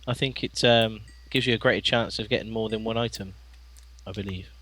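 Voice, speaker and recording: Low-voiced man chatting over a game. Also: steady tone, a bit bright. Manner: chatty, laughs often, halting with many fillers. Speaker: co-op let's play partner. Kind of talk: casual gameplay chat.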